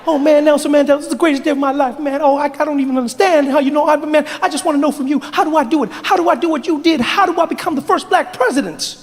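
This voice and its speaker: A man playing an impression of a young Obama who talks very fast, high and excitedly. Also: in a large hall, a little hiss or hum. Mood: overexcited. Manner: breathless, rapid, high and gushing.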